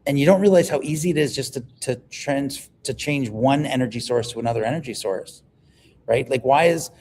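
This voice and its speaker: A man, a livestream guest telling stories in an animated, emphatic way. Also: medium pitch, fairly quick, a little hiss or hum. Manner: animated storyteller, emphatic, repeats words when excited. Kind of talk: casual livestream conversation.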